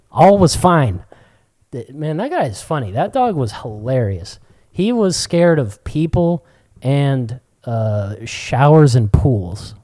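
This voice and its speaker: A young man co-hosting a podcast, telling stories in casual chat with a lot of swearing and sudden high-pitched quoted voices. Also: very animated, takes it slowly, dark tone. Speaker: podcast co-host.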